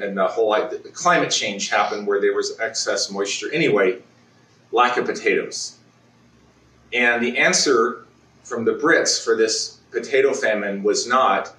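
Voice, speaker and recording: A man delivering a conversational sermon in a church, often restarting his sentences and clearing his throat. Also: medium pitch, a bit bright, echoey room, distant mic, rough recording. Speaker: preacher. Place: church sanctuary.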